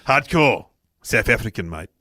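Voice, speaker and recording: Middle-aged male podcast co-host, low-pitched, relaxed storyteller, dry studio sound. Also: moderate pace, no room sound. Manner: laid-back, storytelling, chuckles often. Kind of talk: casual chat.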